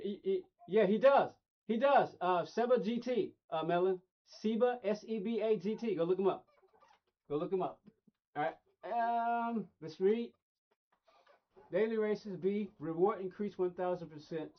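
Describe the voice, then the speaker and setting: A middle-aged man streaming a racing game, rambling casually and talking straight to his chat. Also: sits high. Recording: dull lo-fi stream audio.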